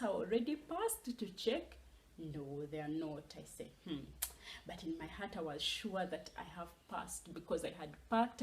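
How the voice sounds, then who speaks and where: A young woman telling her own story in a casual vlog, animated and dropping into whispers for asides. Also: mid-range voice, poor audio. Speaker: vlogger.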